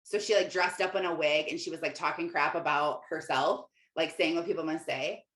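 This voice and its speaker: A woman's voice: low-pitched, a little fast, fairly bright tone. Chatty woman in a roomy space. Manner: chatty, rambling, many fillers and self-quotes. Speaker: podcast host and Christian life coach. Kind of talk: casual confessional monologue. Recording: roomy echo.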